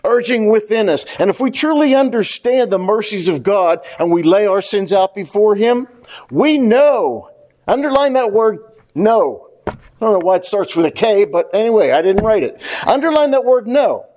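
A man with a notably high voice, preaching a sermon to his church. He speaks with earnest conviction and talks straight to the congregation. He often repeats a key phrase two or three times to drive it home. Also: lively intonation, brisk, a little mellow. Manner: addresses the congregation directly. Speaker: pastor.

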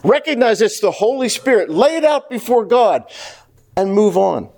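A man's voice: sits high, big pitch swings, normal speed, gravelly, darkish tone. A pastor preaching a sermon to his congregation, speaking earnestly and directly to the church and repeating key phrases for emphasis.

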